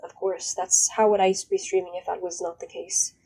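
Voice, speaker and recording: A woman's voice: on the low side, flat delivery, moderate pace, mellow, husky, low-quality recording. A young woman streamer chatting casually and rambling bluntly, swearing now and then. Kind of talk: casual live-stream chat.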